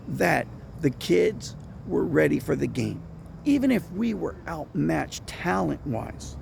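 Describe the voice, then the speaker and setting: A man, a football coach and teacher, telling lively stories about a late friend and mentor, then speaking earnestly in tribute. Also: vocal fry, slight background noise. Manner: animated storytelling, rising high when excited, earnest when reflecting. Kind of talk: casual storytelling tribute.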